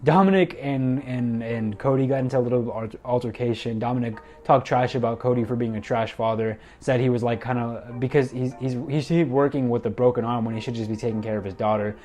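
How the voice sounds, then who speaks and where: A man's voice: mid-range voice, steady tone, fairly quick, few pauses, a little mellow. A young man casually recapping a wrestling show, rambling with lots of fillers and loosely acting out what the wrestlers said. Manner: rambling, many fillers, acts out quotes loosely.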